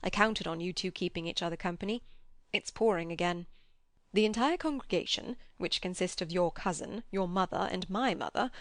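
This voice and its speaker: A woman reading an audiobook, voicing a cheerful, bustling clergyman who talks briskly and chattily. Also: on the low side, no room sound, clean studio sound, close to an everyday voice.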